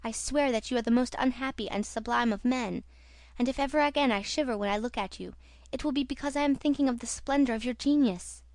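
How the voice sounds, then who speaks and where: A woman's voice: fairly high pitch, brisk, no room sound, close to an everyday voice. Female narrator as an emotional young woman singer pleading, audiobook dialogue.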